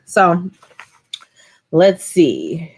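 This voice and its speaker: A woman's voice: lowish voice, extremely slow, husky. Chatty woman recapping a TV episode. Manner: animated, chatty, swears freely. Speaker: TV episode reviewer.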